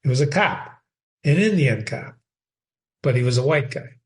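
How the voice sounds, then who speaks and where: A man's voice: medium pitch, expressive, normal speed. An older man hosting a reading show, giving an informal, rambling lecture on literature and addressing himself by name as he goes. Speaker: host.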